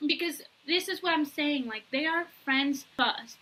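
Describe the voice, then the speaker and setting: A young woman co-hosting a casual book-discussion podcast, talking in an animated, gushing way and swearing freely. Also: high-pitched, a little slow, hardly any pauses, low-quality recording. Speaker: podcast co-host.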